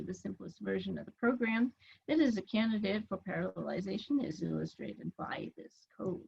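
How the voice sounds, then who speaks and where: A woman lecturing on a recorded video call, her voice husky with a gravelly edge. She explains each step in a measured way and pauses on small fillers. The sound is dull and lo-fi, like a computer mic in a meeting recording. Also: medium pitch, a little mellow.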